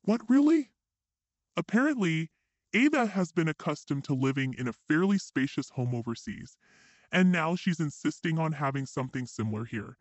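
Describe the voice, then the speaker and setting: A man's voice: on the high side, lively intonation, moderate pace, dry recording. A man reading a dramatic first-person story in an emotional storytelling manner.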